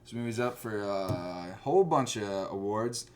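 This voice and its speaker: A man hosting a casual chat, talking in an animated, rambling way. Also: on the low side, normal speed. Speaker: host.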